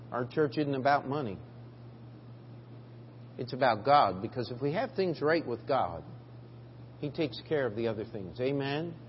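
The pastor, a middle-aged man, has a voice that sits high, with a little background noise behind it. He gives his sermon in a folksy, emphatic manner, repeatedly starting sentences over. It's a dull, lo-fi recording made in the church sanctuary, with long reverb.

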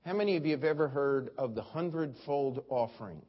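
A man's voice: mid-range voice, fairly quick. A middle-aged man preaching a sermon as pastor, telling folksy stories and mimicking other preachers. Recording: dull lo-fi sermon recording.

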